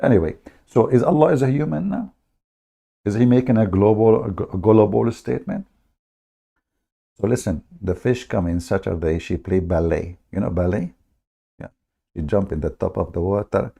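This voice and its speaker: A man with a low, dark, gravelly voice hosts a livestream. He retells a story with a sarcastic, mocking edge in broken English. His speech is loose and conversational. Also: moderate pace, long pauses. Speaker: host of a livestream. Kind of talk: livestream commentary.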